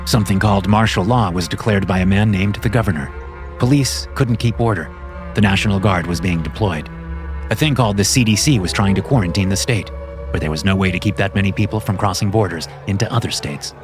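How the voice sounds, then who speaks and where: A man with a lowish voice reads a horror story at a measured, steady pace. The telling is scripted and even, with faint music in the background. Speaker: narrator.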